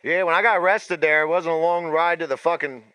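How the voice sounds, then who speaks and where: A man hosting a podcast, telling profane stories in a casual, animated way and acting out the voices of the people in them. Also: a little high, a little fast, clean tone, no room sound. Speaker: podcast host. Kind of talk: casual storytelling.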